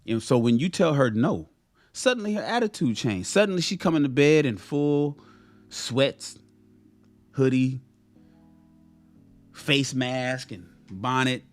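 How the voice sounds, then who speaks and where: Male vlogger, casual storyteller, very expressive pitch, repeats himself mid-thought, soft music under the voice. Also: measured pace, pauses often. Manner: animated, repeats and restarts phrases. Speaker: motivational vlogger. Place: home in Los Angeles.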